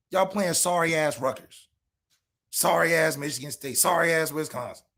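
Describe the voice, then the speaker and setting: Male podcast co-host, high and very animated voice, sarcastic trash-talk rant. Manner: trash-talking, sarcastic, fires rhetorical questions; shouts at peaks.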